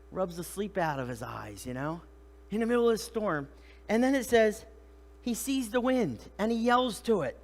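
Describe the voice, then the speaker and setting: A middle-aged man preaching to his congregation, his voice pitched high and swinging widely up and down. He keeps it conversational, firing rhetorical questions at the room and slipping into the voices of the people in his story. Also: normal speed, in a large hall. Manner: animated, acts out voices of the disciples and Jesus. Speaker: pastor. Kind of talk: sermon. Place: church sanctuary.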